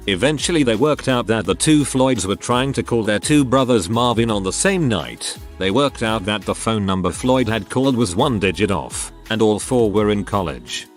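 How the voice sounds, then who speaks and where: A man reading online stories aloud as scripted narration, in a lively storytelling manner. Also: fairly low pitch.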